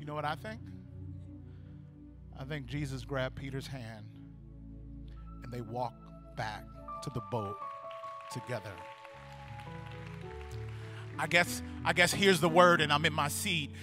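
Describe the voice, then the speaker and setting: A male pastor preaching a sermon, animated and building to loud, fervent praise, acting out voices from the story. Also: medium pitch, unhurried, long pauses, loud music behind the voice.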